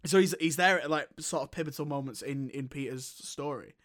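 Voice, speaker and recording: A man's voice: fairly high pitch, fairly quick, fairly bright tone. A young man, co-hosting a casual film chat, rambling and swearing with lots of restarts. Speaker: podcast co-host.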